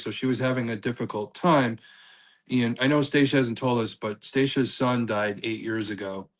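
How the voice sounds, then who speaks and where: Man, mid-range voice, calm steady retelling, casual talk. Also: mid-range voice, moderate pace, low-quality recording. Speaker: paranormal investigator guest. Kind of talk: casual chat.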